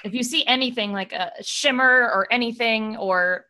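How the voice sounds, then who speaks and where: A woman playing a tabletop game, chatting casually and reacting in an upbeat, quick way. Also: on the high side, sharp tone. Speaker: player.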